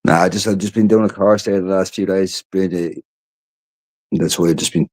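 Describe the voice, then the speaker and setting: A man's voice: low-pitched, steady tone, normal speed, a little mellow. A tired Irish man chatting casually on a livestream, rambling and swearing freely. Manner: rambling and profane. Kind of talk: casual chat.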